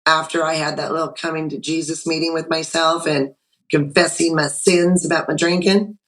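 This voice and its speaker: A woman guest on a podcast, chatting over a video call and telling her story in a lively way with frequent restarts. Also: low-pitched, moderate pace, rough recording. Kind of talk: personal story told in conversation.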